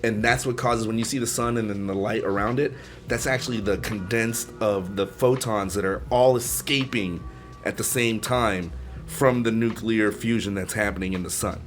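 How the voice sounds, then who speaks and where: A man's voice: on the low side, fairly even intonation, moderate pace, faint music behind. A man co-hosting a casual podcast chat, explaining things at length with lots of fillers. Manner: rambling explainer, many fillers. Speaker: podcast co-host.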